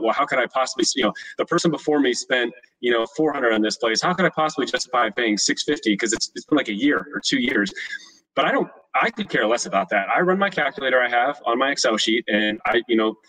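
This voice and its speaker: A young man telling stories as a guest in a casual interview, animated and acting out the voices of people in his stories. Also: mid-range voice, distant mic, rough recording. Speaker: podcast guest, short-term rental host.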